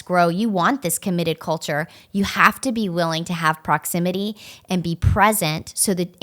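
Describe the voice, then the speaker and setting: A woman in her thirties co-hosting a church podcast, telling stories and acting out chats with her child. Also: lowish voice. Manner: warm, storytelling, acts out conversations with her child. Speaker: podcast co-host. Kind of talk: casual podcast talk.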